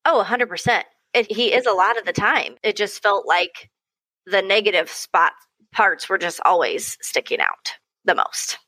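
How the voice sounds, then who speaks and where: A young adult woman, a mother appearing as a podcast guest, tells stories in casual chat with a mid-range voice at normal speed. The recording is rough but echo-free, and she animates her tales by acting out quoted voices and laughing often.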